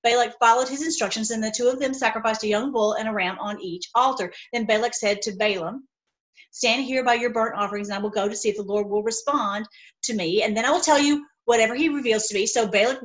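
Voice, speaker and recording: A woman's voice: on the high side, fast talker, low-quality recording. A woman reading Bible passages aloud and breaking off into fervent, rambling commentary. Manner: fervent, rambling asides, says y'all. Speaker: online Bible teacher.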